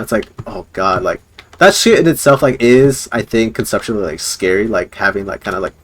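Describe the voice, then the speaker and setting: A man's voice: fairly low pitch, expressive, fairly quick, a bit bright, a little hiss or hum. A man streaming live, rambling casually with lots of fillers and chuckles.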